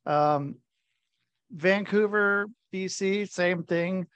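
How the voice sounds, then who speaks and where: A podcast host in casual chat, talking slowly and mostly answering with short agreeing replies. The voice sits at a middle pitch, recorded close and dry. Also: fairly bright tone, clear, resonant tone, dry recording. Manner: brief agreeing interjections.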